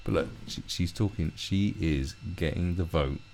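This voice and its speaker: A man's voice: deep voice, normal speed, a little mellow, a little hiss or hum. A man ranting through a commentary video, swearing heavily and often restarting his sentences. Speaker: commentary vlogger.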